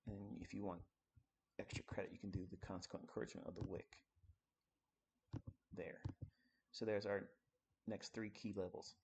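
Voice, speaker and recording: A man's voice: lowish voice, level tone, moderate pace, creaky, pauses often, background noise. A man giving a live-streamed trading lesson, talking bluntly and coarsely while working through charts at his computer. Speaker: trading educator.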